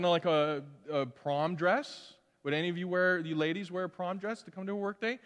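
A middle-aged man preaching a sermon as pastor in a church, animated and conversational, acting out quoted voices. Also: high voice. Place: church sanctuary. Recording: long hall reverb.

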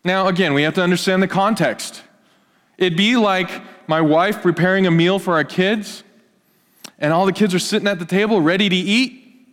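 A male pastor with a fairly high voice preaches in a chatty, lively way, tossing questions at his listeners. His voice rings with a long hall reverb. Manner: lively, asks the audience questions, acts out quotes. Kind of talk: conversational sermon.

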